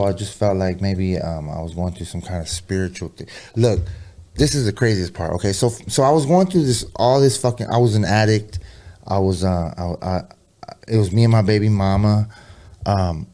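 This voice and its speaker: A man telling a personal story in a rambling, profane way, full of slang asides, who drops low and quiet for the eerie parts. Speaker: podcast guest, rapper. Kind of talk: casual storytelling interview.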